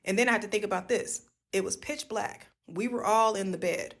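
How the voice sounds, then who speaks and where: A woman casually telling a ghost story to her viewers, animated and profane, addressing them as y'all. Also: medium pitch, a little fast.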